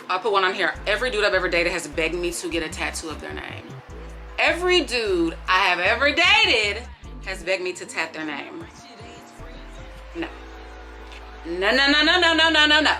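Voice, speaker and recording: A woman, telling dating stories in a sassy, animated way, swinging between hushed disbelief and loud exclamations. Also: on the low side. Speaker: vlogger. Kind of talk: casual storytime vlog.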